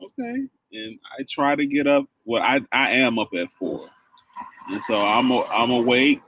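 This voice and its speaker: A man co-hosting a casual podcast chat with his wife, teasing and animated. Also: medium pitch, moderate pace, background noise. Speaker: podcast co-host.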